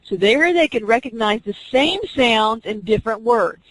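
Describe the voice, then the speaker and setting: Woman teaching an online class, spells out examples step by step, bright tone, dry sound. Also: fairly high pitch, expressive, normal speed, no room sound, rough recording. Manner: explains step by step, acting out teacher and student examples. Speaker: teacher educator.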